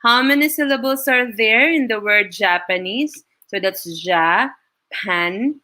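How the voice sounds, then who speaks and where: A woman's voice: a little high, moderate pace, sharp tone. A woman from the Philippines, teaching an online class and praising students, often ending her points with "no?". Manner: encouraging, frequent "no?" tag questions. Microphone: video call.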